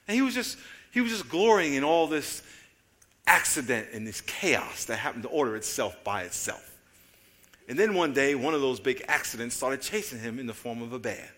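A man preaching a sermon, telling stories with acted-out voices and jokes, moving between loud excited calls and quiet low asides. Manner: animated storytelling, acting out voices and jokes. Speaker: pastor.

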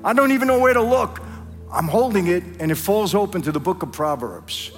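A man's voice: high-pitched, animated, brisk, soft background music. A man giving a dramatic testimony sermon in a church, acting out dialogue and calling the crowd "people". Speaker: guest speaker at a church. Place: large church hall. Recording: long hall reverb.

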